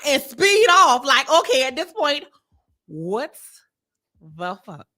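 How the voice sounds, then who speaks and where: Animated, bright-voiced woman telling a story. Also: high voice, takes it slowly. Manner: animated, laughing, blunt storyteller. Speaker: podcast co-host. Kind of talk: casual storytelling chat.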